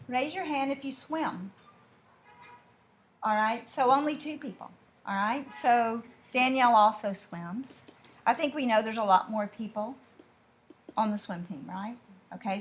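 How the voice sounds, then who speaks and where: Chatty teacher woman with a lilt. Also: on the high side. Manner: chatty, with drawn-out asides and mimicked dialogue. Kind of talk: classroom lesson. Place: classroom.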